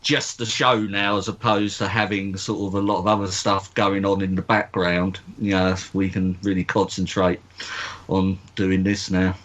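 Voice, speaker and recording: A man's voice: sits low, little pitch movement, normal speed, fairly bright tone, lo-fi sound. A man with an Essex accent, hosting a radio show in a rambling, easygoing way. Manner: rambling, lots of "you know, sort of". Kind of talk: casual radio chat.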